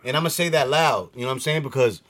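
Male co-host: mid-pitched, teasing, deadpan ribbing. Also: fast talker, dry recording, clean studio sound. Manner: teasing, deadpan jabs, mixes in Spanish. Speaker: podcast co-host. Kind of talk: casual podcast banter.

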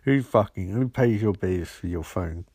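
A man's voice: low-pitched, lively intonation, normal speed, darkish tone, breathy edge, dry recording, studio quality. Man ranting as a foul-mouthed cartoon stoner. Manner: swearing, ranting insults.

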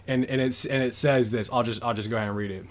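In a casual book discussion, a man hosting a podcast talks fast in a mid-range voice with fairly even intonation. His storytelling rambles, and "like" fillers pop up constantly.

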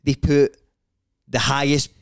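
A young Scottish man chats on a podcast, spinning animated stories packed with slang. He often breaks into loud laughter. The mic is close and dry, with no room sound. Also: medium pitch, slow, creaky, clean tone, dry recording. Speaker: podcast co-host. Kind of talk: casual chat.

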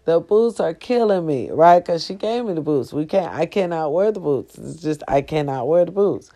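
A woman in pain, sitting on her bed and spinning a profane, animated story for her viewers. She talks to them directly, swearing freely and keeping the telling lively. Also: low-pitched, moderate pace. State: sore, in pain. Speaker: vlogger. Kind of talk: casual storytelling vlog.

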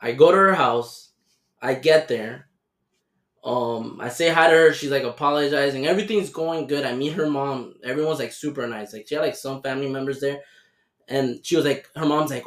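Animated young man telling stories, roomy. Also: mid-range voice, moderate pace. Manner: animated, profane, doing voices in quotes. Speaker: podcast host. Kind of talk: casual storytelling chat. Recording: roomy echo.

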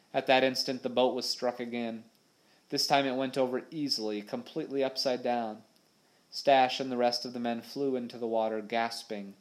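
A man narrates an adventure audiobook in a dramatic, vivid storytelling manner. His voice sits at an ordinary middle pitch for a man. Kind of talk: scripted narration.

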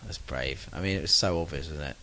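A man trading dry, sardonic remarks in a casual podcast chat. His voice sits very low. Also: fairly quick, a crowd in the background. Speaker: podcast co-host.

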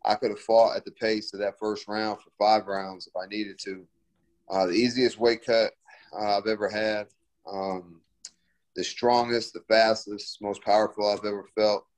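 A man's voice: on the low side, flat delivery, normal speed. A young man, a fighter, answering interview questions in a laid-back, slangy way full of fillers.

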